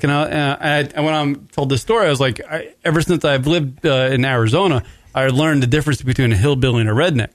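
Dry, slightly high-voiced man telling a rambling story. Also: fast talker, no room sound. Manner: profane, rambling, laughs mid-story. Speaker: podcast host. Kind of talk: casual chat, rambling storytelling.

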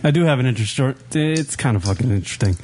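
A man's voice: mid-range voice, lively intonation, quick pace, darkish tone. A man in his thirties hosting an internet radio show, telling a long rambling story in casual studio banter. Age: 30s. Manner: rambling storyteller, frequent restarts.

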